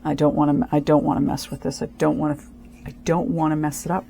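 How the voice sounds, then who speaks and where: A woman with a low voice narrates her craft work in a relaxed, chatty way. She thinks out loud, often breaks off and restarts her sentences, and explains each step with care. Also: quick pace, gravelly, a little hiss or hum. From Canada. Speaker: craft channel host. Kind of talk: casual craft tutorial narration.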